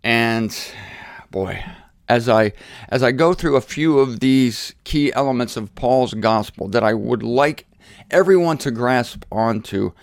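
A man's voice: medium pitch, lively intonation, a little slow, creaky, dry recording, studio quality. A man teaching the Bible in a conversational, digressive way, with self-deprecating asides.

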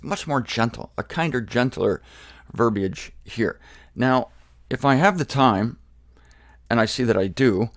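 A male Bible teacher reads from an article and comments in a loose, joking way. He pokes fun at himself between the quotes. His voice sits at an ordinary pitch in a dry, close recording. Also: dry recording. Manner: joking asides, self-deprecating. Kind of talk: casual Bible lecture.

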